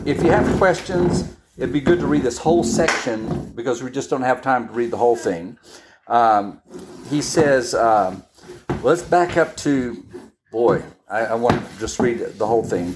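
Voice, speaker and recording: A woman with a very deep voice teaches scripture in an easygoing, conversational way, pausing and restarting as she explains. She keeps checking that her listeners follow along. Dishes clatter and clicks sound clearly behind her. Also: background noise. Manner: checks in often with "all right?"; unhurried, with pauses and restarts. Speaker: Bible teacher. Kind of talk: conversational Bible-study sermon.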